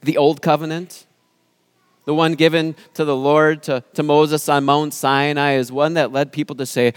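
A pastor giving an earnest sermon, speaking with emphasis and dramatic pauses. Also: male voice, on the high side, flat delivery, smooth, dry recording, clean studio sound.

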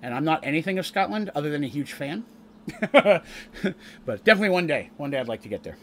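Very animated and quick, a man with a slightly high, fairly bright voice recaps a tabletop campaign on his stream. The Canadian-raised game master and streamer, an adult who is the eldest grandchild and has a wife, rambles casually and frequently restarts his sentences.

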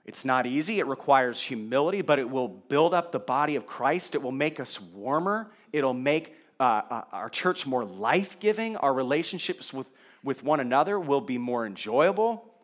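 A man's voice: medium pitch, lively intonation, moderate pace. A male pastor preaching a sermon in a conversational way, asking the congregation rhetorical questions.

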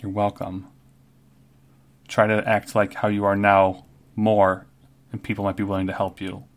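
A man's voice: fairly low pitch, completely flat delivery, measured pace. A man voicing a prickly, proud female barmaid who scolds a rude guest. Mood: sassy. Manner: scolding, demands manners.

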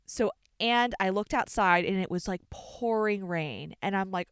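A woman's voice: medium pitch, unhurried, few pauses, clean tone, no echo, studio quality. A young woman from the Chicago suburbs, co-hosting a podcast and telling a family story in casual chat, swearing freely and filling her talk with "like". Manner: animated, swears freely, many "like" fillers. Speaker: podcast co-host.

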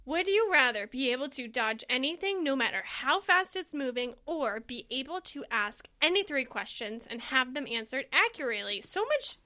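A woman co-hosting a casual chat, enthusiastic and quick to laugh. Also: high-pitched, very animated, sharp tone. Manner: bubbly, enthusiastic, laughs often. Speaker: podcast co-host.

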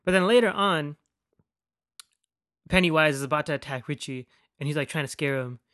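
A man's voice: fairly high pitch, moderate pace, pushed and bright, dry recording, clean studio sound. A man hosting a podcast in a casual, rambling rant, swearing freely and filling his speech with "like.". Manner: rambling, profane, heavy use of "like". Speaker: podcast host.

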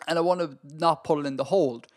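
An Irish man co-hosting a podcast in casual chat, talking in an animated, ranting way and laughing often. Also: a little high, quick pace. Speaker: podcast co-host.

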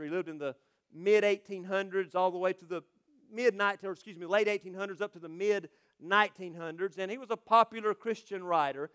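A male pastor preaching a sermon, swinging between loud proclamations and quiet, quick asides. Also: high-pitched, clean tone.

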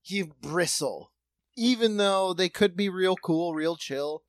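A man co-hosting a comedy chat, riffing quickly with jokes and swearing. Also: high-pitched, dry recording. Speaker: comedian podcast co-host. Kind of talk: casual comedic banter.

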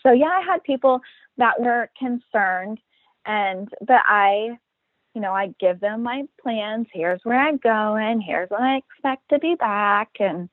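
A woman's voice: a little high, lively intonation, measured pace. An upbeat woman in her thirties talks as a guest in a casual interview. She is matter-of-fact and slips into quoted voices as she tells her story. The line is thin and phone-like, with a dry sound and no room echo.

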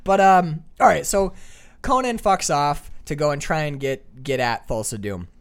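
A man co-hosting a podcast, telling a story in a profane, animated, casual way. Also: on the high side, unhurried, clear, resonant tone. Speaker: podcast co-host.

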